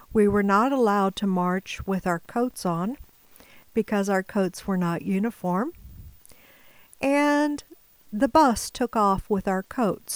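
Slow, deliberate woman storyteller. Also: medium pitch, dry recording, rough recording. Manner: measured, deliberate, at times dropping to a whisper. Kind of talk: personal storytelling.

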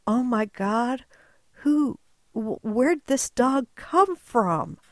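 A woman telling a personal story in a wry, animated way, acting out moments as she goes. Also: fairly high pitch, dry recording. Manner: wry, animated, slow and deliberate.

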